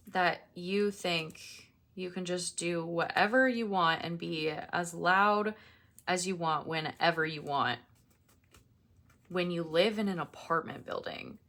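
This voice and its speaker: Bright, animated young woman chatting. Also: fairly low pitch, slow, gravelly. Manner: chatty, ranting, exasperated asides. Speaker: planner vlogger. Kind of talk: casual chat while crafting. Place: apartment.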